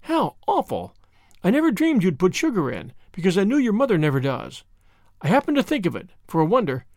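A man's voice: sits high, huge pitch swings, brisk, darkish tone, no room sound, studio quality, heavily acted. A man voicing an imaginative young girl who talks earnestly and expressively.

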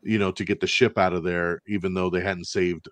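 Male co-host, low register, dry mic, animated and chatty, reviewing films. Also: a little fast, no echo. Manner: animated, acts out quoted lines, swears casually. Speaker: podcast co-host. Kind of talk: casual movie review chat.

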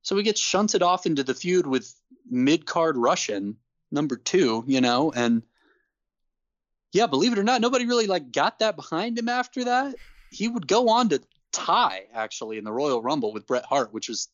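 A man co-hosting a casual podcast, ranting in an animated, exasperated way and laughing between points. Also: on the high side, moderate pace, dry recording, highs cut off. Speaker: podcast co-host. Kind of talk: casual wrestling podcast chat.

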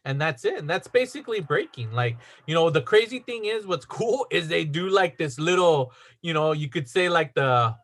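Male podcast co-host, casual rambling recap, slightly high voice. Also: animated, moderate pace, hardly any pauses, a bit bright. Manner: rambling, many "like" fillers. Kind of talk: casual movie recap chat.

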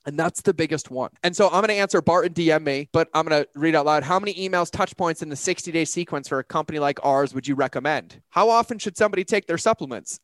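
A man talking as a business coach in a casual, animated way, full of slang and acted-out quotes. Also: a little high, fast, few pauses, no room sound.

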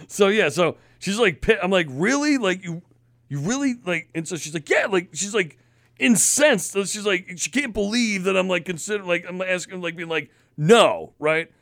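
A man co-hosting a podcast, telling stories in a casual, profane, animated way. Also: sits high, moderate pace, gravelly, no echo, studio quality. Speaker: podcast co-host. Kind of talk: casual chat, storytelling.

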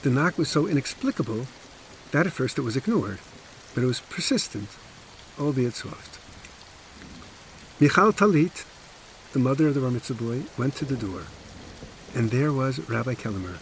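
A man's voice: medium pitch, lively intonation, normal speed, pauses often, a little hiss or hum. A man narrating a true story on a podcast, emphatic with wry asides, close to the mic.

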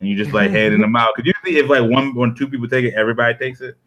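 A man's voice: mid-range voice, rapid-fire, fairly bright tone. A young man in casual podcast chat, rambling and self-deprecating, full of slang.

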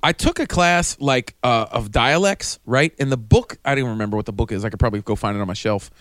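A man's voice: mid-range voice, fast, fairly bright tone, dry recording. A middle-aged man co-hosting a podcast, telling stories in casual chat and acting out the voices of the people in them. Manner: storytelling, acts out quoted voices, laughs often. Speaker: podcast co-host.

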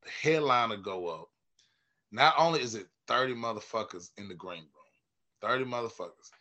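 Male stand-up guest, bright edgy voice, loose profane storytelling. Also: lowish voice, normal speed. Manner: animated, profane, acts out quoted voices loudly. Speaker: stand-up comedian, podcast guest. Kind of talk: casual storytelling chat.

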